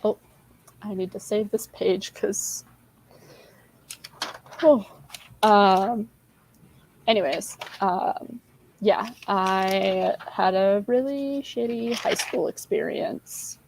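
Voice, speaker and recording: A woman's voice: mid-range voice, drawn-out words, gravelly, long pauses, darkish tone, slight background noise, poor audio. Rambling candid young woman chatting. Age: 20s. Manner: rambling, loses her train of thought; candid, self-deprecating. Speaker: livestream co-host. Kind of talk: casual livestream chat.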